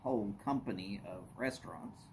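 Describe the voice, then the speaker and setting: A man's voice: lowish voice, moderate pace, gravelly, darkish tone, slight background noise. A man hosting a casual livestream, chatting with viewers and greeting them by name. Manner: greets viewers by name, folksy drawl, y'all. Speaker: livestream host.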